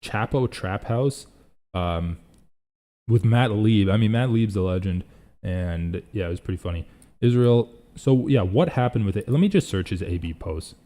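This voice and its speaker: A man's voice: lowish voice, lively intonation, normal speed, dark tone. A young man hosting a casual live reaction stream, rambling and thinking aloud as he reads chat.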